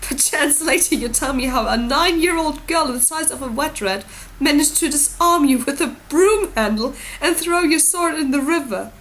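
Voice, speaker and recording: A woman's voice: sits high, moderate pace, fairly bright tone, pitched above the performer's own voice, low-quality recording. A woman voicing a mocking, amused young lord who talks in a wry, teasing way, in an audiobook reading.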